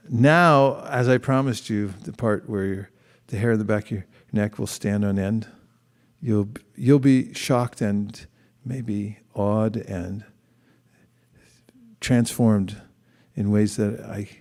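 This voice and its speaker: A man's voice: on the low side, a little mellow, in a large hall. A man giving a conversational, reflective scripture class, reading passages aloud and musing on them. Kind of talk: sermon.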